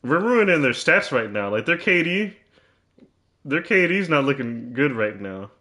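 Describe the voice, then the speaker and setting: A man's voice: medium pitch, sing-song, unhurried, sharp tone. A man commentating his own basketball video game, teasing and trash-talking in a mock-serious way and often repeating himself.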